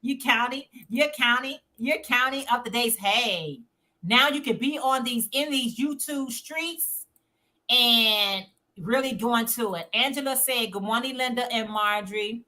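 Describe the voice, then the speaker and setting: Woman, livestream host, informal chat, sharp bright tone, slightly high voice. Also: unhurried. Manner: reads chat messages aloud, chatty and informal. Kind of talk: casual chat reading viewer comments.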